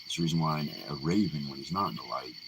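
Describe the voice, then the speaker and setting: A man casually retelling folk tales in an unhurried, folksy way, full of fillers and restarts. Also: extremely low pitch, background noise. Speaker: live Q&A host. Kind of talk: casual oral storytelling.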